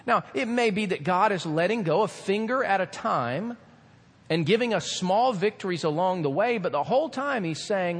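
Animated high-voiced male pastor preaching. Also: normal speed, slightly rough, in a large hall. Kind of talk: sermon.

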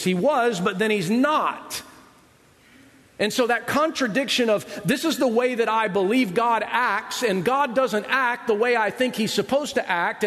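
A man preaches to a live congregation in a relaxed, talky way, often tossing out a quick question to the room. His voice sits high. A long hall reverb trails behind every phrase. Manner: conversational, asks the audience "right?"; acts out quoted voices of Bible figures. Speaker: pastor. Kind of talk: sermon.

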